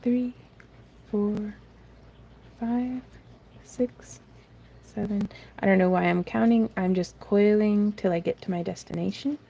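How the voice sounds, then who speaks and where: Slow and prone to frequent pauses, her mid-range voice has vocal fry and a dark tone, with slight background noise behind it. She is a craft tutorial host streaming live from her craft room, rambling, self-deprecating, laughing often and reading the chat aloud.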